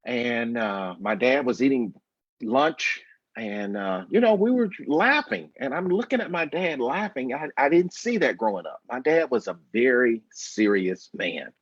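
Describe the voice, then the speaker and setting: Over a dull, dry video-call connection with little room sound, a husky man in his fifties tells a personal story as a guest. His medium-pitched delivery is animated yet slow, emphatic, measured, and reflective.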